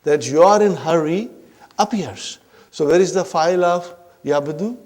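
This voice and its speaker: A man's voice: on the high side, unhurried, darkish tone. A man teaching Arabic grammar in a classroom lecture, who often checks in with his listeners and calls them brothers and sisters. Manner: repeats points, checks in often with "huh?" and "are you with me".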